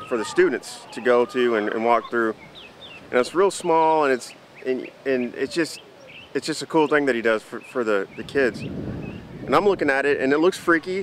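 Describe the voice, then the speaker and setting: A man telling a story to the camera in an animated, chatty vlog. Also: mid-range voice, slight background noise. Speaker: vlogger.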